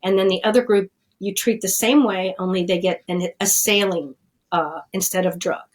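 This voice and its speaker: A woman's voice: medium pitch, steady tone, moderate pace, poor audio. Middle-aged woman guest, earnest and plainspoken storyteller. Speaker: addiction scientist, guest. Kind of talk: conversational storytelling.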